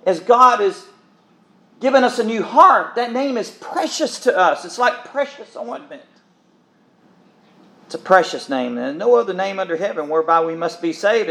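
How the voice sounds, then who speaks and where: Male preacher, higher voice, earnest sermon delivery with repetitions and pauses. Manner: earnest, pausing, repeats words, addresses listeners as beloved.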